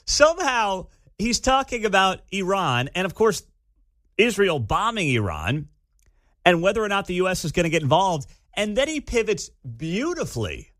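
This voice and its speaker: A man hosting a talk radio show, giving opinionated commentary in a conversational, animated, slangy way. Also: sits high, normal speed, dry recording, studio quality.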